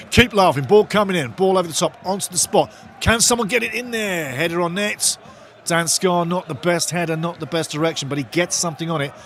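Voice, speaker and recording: A man giving live, partisan football commentary as host of a watch-along stream. He talks in a fairly high voice, swings between calm analysis and excited outbursts, and keeps turning to his viewers. A faint noise hums behind him. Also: brisk.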